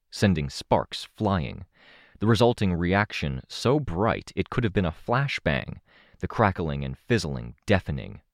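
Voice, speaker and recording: A man reading a first-person action story aloud in a steady, dramatic storytelling manner. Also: low voice, dry recording, studio quality. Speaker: audiobook narrator. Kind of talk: scripted first-person narration.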